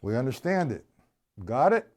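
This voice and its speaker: A man's voice: mid-range voice, very animated, moderate pace, a little mellow, soft background music. A man giving a live-streamed drum lesson, talking casually, repeating his points and checking in with his viewers. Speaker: drum teacher. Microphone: live stream camera mic.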